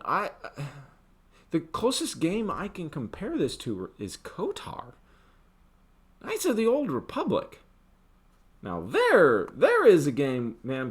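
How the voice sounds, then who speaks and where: An older man giving a casual rant about a video game, swinging between loud outbursts and muttered asides. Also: mid-range voice, husky. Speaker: gaming commentator.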